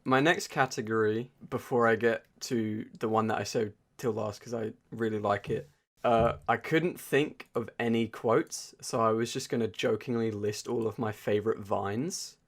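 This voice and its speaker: A man's voice: on the low side, moderate pace. Man, podcast co-host, casual chat, reels off quotes with bursts of energy. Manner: quotes memes in lively bursts.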